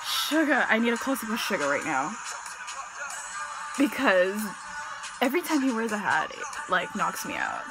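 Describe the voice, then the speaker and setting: A woman hosting a reaction video, gushing and gasping with excitement as she comments. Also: mid-range voice, normal speed, pauses often, low-quality recording. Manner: gushing, gasping, squealing names. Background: loud performance music.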